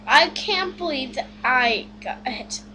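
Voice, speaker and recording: A young woman hosting a game video, chatting through her play in a bubbly, giddy way and squealing when excited. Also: high-pitched, slow. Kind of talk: excited gameplay commentary. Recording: steady noise behind the voice.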